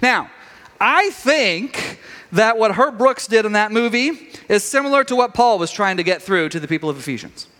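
A middle-aged man preaching a sermon, telling a story with animated quoted voices. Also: high-pitched, normal speed. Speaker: pastor. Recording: long reverb of a large hall.

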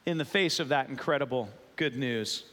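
A man's voice: medium pitch, normal speed, fairly bright tone. A man preaching a sermon as pastor, talking in a conversational, playful way with asides to the congregation. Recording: long reverb of a large hall.

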